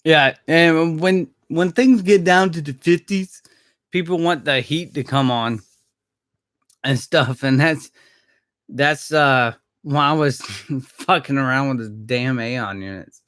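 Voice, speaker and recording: Slow-talking, laid-back man live-streaming. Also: a little high, a bit bright, dry recording, clean studio sound. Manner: laid-back, rambling, chuckles often, swears casually. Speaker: maintenance worker streaming live. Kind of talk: casual live-stream chat with viewers. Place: Jacksonville.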